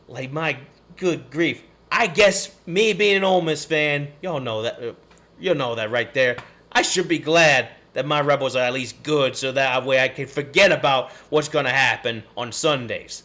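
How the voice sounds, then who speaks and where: A man's voice: a little high, animated, measured pace, sharp tone. A man, hosting a live sports stream and ranting in a frustrated, rambling way. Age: 30s. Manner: frustrated, rambling, cursing and sighing. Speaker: podcast host.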